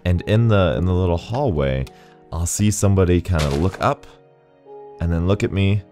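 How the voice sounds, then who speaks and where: A man's voice: low voice, moderate pace, dark tone. A man hosting a gaming video, chatting casually and rambling, laughing often as he plays. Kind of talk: casual gameplay commentary. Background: faint game music.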